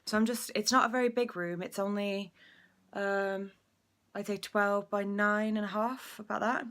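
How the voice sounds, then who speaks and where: A woman's voice: medium pitch, fairly even intonation, normal speed, fairly bright tone. Young woman, vlog host, slightly breathless, rambling chatty delivery with fillers. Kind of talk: casual pregnancy update vlog.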